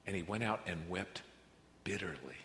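A man preaching a sermon as pastor, earnest, moving between quiet reflective passages and emphatic rises. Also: low-pitched, lively intonation, moderate pace. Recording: reverberant hall with faint noise.

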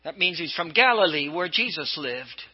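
Older guy from california preaching in church, kinda high voice, leans into stories, slightly dull recording. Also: expressive, normal speed, slightly rough. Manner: storytelling preacher, swinging pitch for emphasis. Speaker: bishop preaching. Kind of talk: sermon.

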